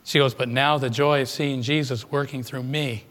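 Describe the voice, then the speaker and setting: A man's voice: mid-range voice, fairly even intonation, moderate pace, fairly bright tone. A man preaching a sermon, retelling a congregant's story and putting questions to his listeners. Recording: long hall reverb.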